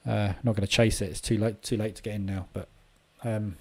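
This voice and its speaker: A man's voice: fairly low pitch, fairly even intonation, brisk. A man hosting a live trading room, giving casual market commentary and thinking aloud as he watches the charts.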